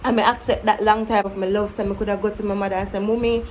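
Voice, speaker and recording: A woman in her twenties with a Jamaican accent, talking candidly to camera about growing up, with animated storytelling. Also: medium pitch, fast, a little hiss or hum, poor audio. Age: 20s. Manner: candid, animated, breaks into mimicking her younger self. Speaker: vlogger. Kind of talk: casual reflective storytelling to camera.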